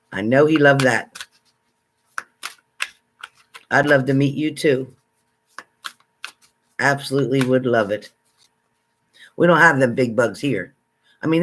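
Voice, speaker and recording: A man hosting a casual livestream, chatting with viewers and greeting them by name, excitable and exclamatory. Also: mid-range voice, measured pace, pauses often, slight background noise. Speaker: livestream psychic reader. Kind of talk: casual live chat with viewers.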